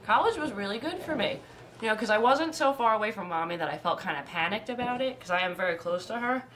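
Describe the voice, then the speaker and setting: A woman's voice: mid-range voice, expressive, quick pace, fairly bright tone, slight background noise. A woman in her twenties speaking candidly in a documentary interview, emphatic and full of casual fillers. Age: 20s.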